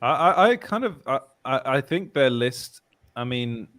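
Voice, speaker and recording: Animated man ranting. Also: mid-range voice, a little slow, dry recording. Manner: animated ranting with frequent laughter, stammering restarts. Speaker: co-host. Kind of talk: casual live show banter.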